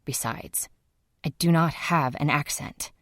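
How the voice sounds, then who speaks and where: A woman puts on a reserved adult man with a Serbian accent for an audiobook. He speaks slowly and stiffly, avoiding contractions, in a deep gravelly tone. The recording is dry and close. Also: a bit bright, no echo, exaggerated voice. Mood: stubborn. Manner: slow, clipped, avoids contractions.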